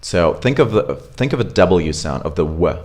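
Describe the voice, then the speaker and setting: A man teaching English pronunciation in an online accent lesson, repeating example words slowly and chatting casually with fillers. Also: sits low, big pitch swings, darkish tone.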